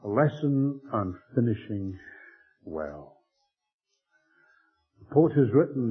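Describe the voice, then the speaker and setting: A man preaching a Bible-teaching sermon in a measured, emphatic way, often clearing his throat. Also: mid-range voice, very animated. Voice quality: husky. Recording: old tinny phone-like tape with faint music.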